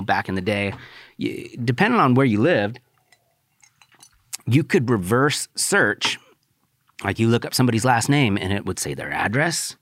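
A young man telling a personal story in a casual, profane way, with fillers and sudden excited outbursts. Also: no echo, clean studio sound. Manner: profane, animated, rising to high-pitched outbursts.

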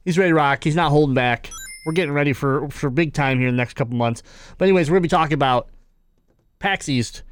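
A man's voice: a little high, fast talker, smooth. A man co-hosting a gaming podcast in loose, joking banter, laughing often and reading quotes aloud. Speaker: podcast co-host.

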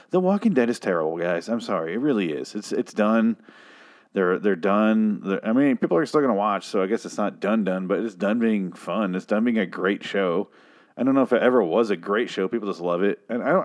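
A male podcast host rants through a casual review, sarcastic and exasperated, swearing freely. His voice sits a little low. He sounds like a young adult.

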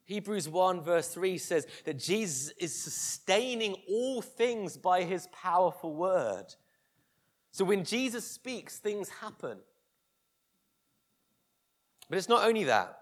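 A man preaching a sermon, telling a scripture story vividly and dropping to a hush for tender moments. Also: sits high, animated, a little slow.

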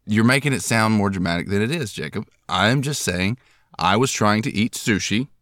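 A podcast host tells rambling, self-deprecating stories in casual chat. His lowish, slightly bright voice moves at normal speed, recorded with clean studio sound and no room sound.

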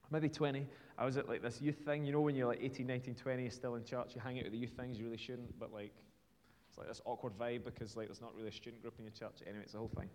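A man's voice: medium pitch, darkish tone. A man with a British accent preaching a sermon in a church, in a conversational, storytelling way with casual fillers. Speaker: pastor. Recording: long reverb from a large hall.

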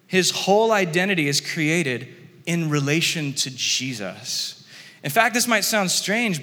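A man preaching a sermon in a relaxed, conversational way, often chuckling and acting out the quotes he reads. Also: fairly high pitch. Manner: conversational, animated, laughs often, acts out quotes. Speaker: pastor. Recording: long hall reverb.

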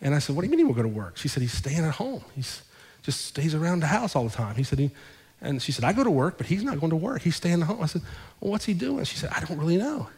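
A man with a fairly high voice preaches from the pulpit, retelling a story and voicing each person's lines as he goes. His words ring out through a church sanctuary with a long reverb tail. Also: quick pace, hardly any pauses, breathy edge. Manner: animated retelling with quoted dialogue. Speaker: pastor. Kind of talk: sermon storytelling.

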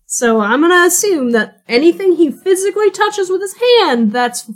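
A woman's voice: extremely high pitch, lively intonation, moderate pace. A woman narrating a tabletop game as game master, amused and laughing often.

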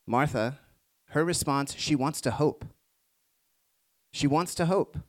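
A man preaching a sermon to a congregation, moving between hushed reflective passages and rising emphatic ones. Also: a little high, slow. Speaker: pastor.

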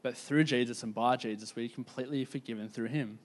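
A man preaching a sermon in a casual, conversational storytelling way, with lots of "like" fillers and slowing down to stress key points. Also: medium pitch, steady tone. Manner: casual, filler-heavy, slows down for emphasis.

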